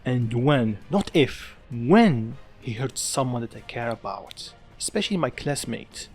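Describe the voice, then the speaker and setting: A man's voice: medium pitch, animated, a little slow, darkish tone, breathy edge, soft background music. A man voicing a furious teenage boy with a demonic fox spirit, growling and menacing. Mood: growling menace.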